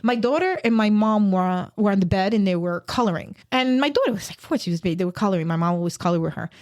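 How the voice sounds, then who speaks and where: A woman guest on a podcast, telling a personal story in an earnest, halting way with many restarts. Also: mid-range voice, animated, darkish tone.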